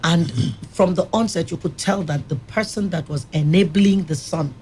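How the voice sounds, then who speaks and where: A woman's voice: lowish voice, moderate pace, a little mellow, a little hiss or hum. A woman who runs a rehab center, telling firm, vivid stories on a radio studio panel. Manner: firm, vivid anecdotal storyteller. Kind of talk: studio panel discussion, storytelling.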